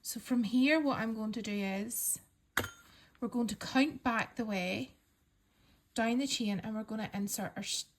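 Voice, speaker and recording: A woman calmly talking learners through a crochet pattern step by step, counting stitches aloud and reassuring them. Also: fairly high pitch, a little slow, a little hiss or hum. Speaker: crochet instructor. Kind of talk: step-by-step craft tutorial.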